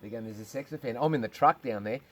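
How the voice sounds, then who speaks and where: Outdoors on a farm, a man with an Australian accent tells crude stories, racing along in a mid-range voice over background noise. He's a comedian and a swearing yarn-spinner, cursing nonstop in this casual storytelling.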